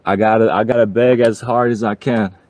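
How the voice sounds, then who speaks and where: A man's voice: on the low side, fairly even intonation, a little mellow, highs cut off. A man chatting casually on his livestream, pleading for donations and joking along the way. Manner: pleading and joking, slow drawl.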